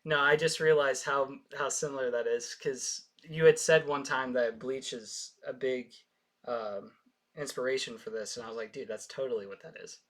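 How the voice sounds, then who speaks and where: Man in casual anime chat, halting. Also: mid-range voice, steady tone, fairly bright tone. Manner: halting, restarts often with um and uh. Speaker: podcast co-host.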